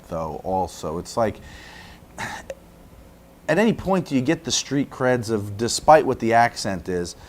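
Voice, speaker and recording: A man hosting a podcast, prodding his guests with questions and wisecracks in a lively way. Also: mid-range voice. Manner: lively, wisecracking interviewer who prods with questions. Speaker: podcast host. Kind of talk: conversational podcast chat.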